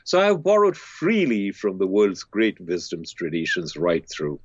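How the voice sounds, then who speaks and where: A man in a podcast interview telling a teaching story, acting out the people in it with big rises in pitch. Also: a little slow, dry recording. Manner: animated storyteller, voices characters with big pitch swings. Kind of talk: storytelling in conversation. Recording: dry, slightly dull lo-fi sound.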